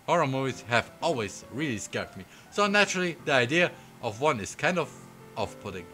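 A man's voice: mid-range voice, brisk. Giggly male streamer reading a game aloud. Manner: giggly, excitable asides. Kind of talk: reading a visual novel aloud with commentary. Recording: faint game music behind.

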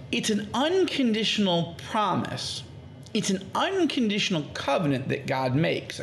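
A man's voice: fairly high pitch, creaky, slight background noise. A man as a podcast guest, teaching on the Bible in conversation and acting out quoted speech with animation. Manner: animated, acts out quoted speech in lively tones.

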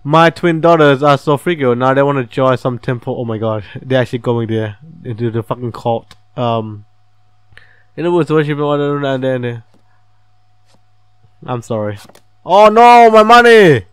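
A mid-range, steady-toned man talks fairly quickly in a clean, echo-free recording. As host of a casual gaming let's-play, he reads the game's text out loud, chats freely, swears, and laughs often.

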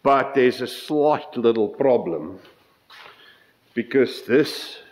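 A middle-aged South African man gives a casual, rambling vlog update from his workshop on his model railway layout, often breaking off mid-sentence and counting out measurements. His mid-range voice is animated, he takes it slowly, and the recording is low-quality.

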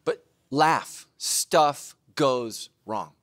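A middle-aged man preaching a sermon, self-mocking and animated, now and then bursting into shouts. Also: medium pitch, very slow, no room sound, clean studio sound. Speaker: pastor.

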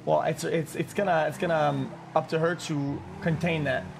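A man role-playing in a game, rambling and deadpan with a trolling edge. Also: a little high, normal speed, creaky, noisy background. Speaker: gamer role-playing a character. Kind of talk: casual role-play chat.

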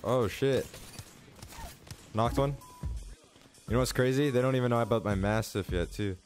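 A young man giving live commentary on his own gameplay as a streamer, excitable and swearing, swinging from low mutters to yelling. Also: moderate pace, soft background music.

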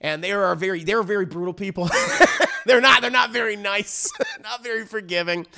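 Brief: a man who talks to his stream chat about a movie, rambling and loose with swearing, a smooth, clear voice. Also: sits high, normal speed, bright, forceful tone. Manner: rambling, repeats words, swears casually, addresses chat. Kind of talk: casual live-stream movie review.

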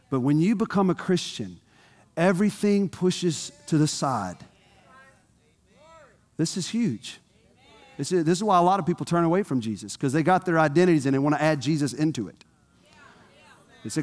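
A man's voice: on the high side, darkish tone. Man preaching in a reverberant hall. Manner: conversational preaching, asks the congregation questions. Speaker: pastor. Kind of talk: sermon.

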